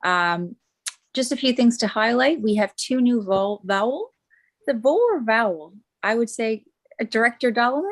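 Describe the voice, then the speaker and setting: A woman serving as deputy mayor, giving a committee report at a council meeting in a halting way, with frequent fillers and restarts. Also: fairly high pitch. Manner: hesitant, many fillers and restarts. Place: council chamber.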